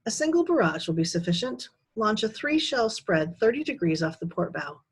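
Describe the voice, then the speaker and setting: A cold, controlling villain speaks in a calm, condescending tone, as a woman reading a storybook puts him on. The voice is somewhat husky. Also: mid-range voice, normal speed, voice pushed up, poor audio. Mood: coldly calm.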